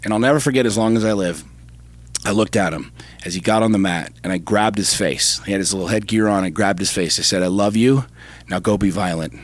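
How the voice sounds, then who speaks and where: A man's voice: on the low side, fast, dry recording. A middle-aged man, co-host of a talk show, telling a personal story with intense, profane emphasis that builds to fervor. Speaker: podcast co-host. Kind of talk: casual chat.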